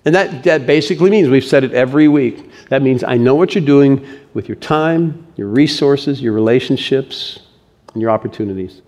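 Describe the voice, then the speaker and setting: Animated male preacher. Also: medium pitch, moderate pace. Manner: animated preaching, swings from loud to hushed. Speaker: pastor. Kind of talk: sermon.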